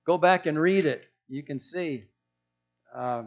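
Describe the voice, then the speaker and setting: A man's voice: fairly high pitch, slow. Brief: a conversational male preacher with a slightly raised voice and dull sound. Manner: conversational, rhetorical questions, frequent restarts. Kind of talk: sermon.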